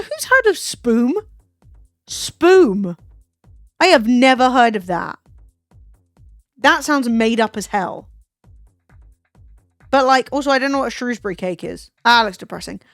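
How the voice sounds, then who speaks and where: A woman's voice: fairly high pitch, no echo, clean studio sound. A young English woman streaming, chatting casually with lots of swearing and joking asides. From England. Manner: swears freely, animated and jokey. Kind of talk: casual chat.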